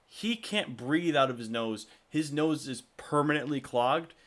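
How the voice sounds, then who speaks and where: A man as game master narrating a tabletop game in a casual, halting way. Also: fairly high pitch, fairly bright tone.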